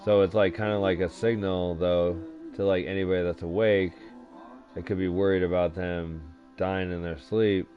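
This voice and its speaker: A man's voice: low-pitched, fairly even intonation, moderate pace. Profane rambling young man, lo-fi. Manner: profane, crude, loose storytelling with many fillers. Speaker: vlogger. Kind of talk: rambling casual monologue. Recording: dull lo-fi sound with faint music.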